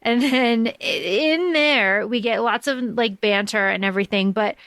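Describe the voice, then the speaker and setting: A woman's voice: a little high, a little slow, dry recording. A woman co-hosting a podcast, casually recapping a book with lots of fillers like "like" and "uh". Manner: relaxed, filler-heavy, recaps plot. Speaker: podcast co-host.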